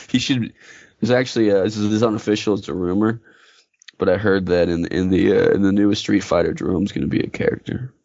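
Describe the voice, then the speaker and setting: A man's voice: on the low side, fairly even intonation, brisk, creaky, pauses often, darkish tone, dry recording, lo-fi sound. A man co-hosting a casual gaming podcast, joking around and reading listener submissions. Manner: jokey, drops into silly put-on voices. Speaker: podcast co-host.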